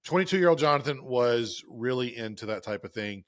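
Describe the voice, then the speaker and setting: A man's voice: mid-range voice, lively intonation, moderate pace, fairly bright tone, no echo, clean studio sound. A man in his thirties co-hosting a faith podcast, easygoing and explanatory with a joking edge. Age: 30s. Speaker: podcast co-host. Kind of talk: casual podcast chat.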